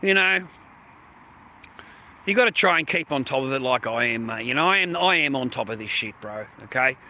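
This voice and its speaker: A man's voice: medium pitch, animated, moderate pace, bright, forceful tone, slight background noise. A man live streaming, ranting at his chat in a profane, sarcastic, confrontational way, outdoors on a city street.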